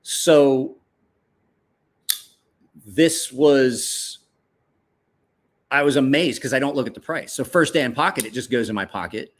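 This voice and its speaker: Male knife reviewer, mid-range voice, casual and excitable, swears a lot, rambles with restarts. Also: a little slow, long pauses. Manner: excitable, swears freely, jumps up in pitch when quoting himself. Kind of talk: casual show-and-tell chat.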